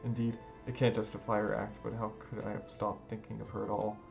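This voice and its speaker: Over background music, a man who makes gaming videos narrates a visual novel in the first person, dramatic and emotional in content. He speaks in a low, gravelly monotone and moves a little fast.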